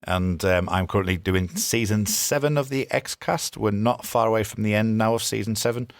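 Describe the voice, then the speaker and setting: A man's voice: on the low side, normal speed, gravelly, no echo, clean studio sound. A man co-hosting a podcast, giving a casual, rambling sign-off full of fillers and restarts. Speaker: podcast co-host.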